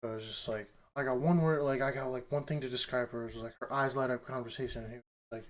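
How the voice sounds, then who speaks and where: A man co-hosting a podcast in casual chat, an animated storyteller who acts out quotes and laughs often. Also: mid-range voice, quick pace, hardly any pauses. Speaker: podcast co-host.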